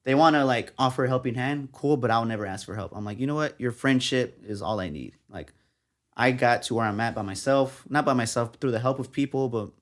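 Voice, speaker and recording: Speaking a little fast in a mid-range voice, a young man from San Antonio, Texas, guests on a relaxed interview as a journalist. He narrates his story with animation, performing the quotes of people who spoke to him.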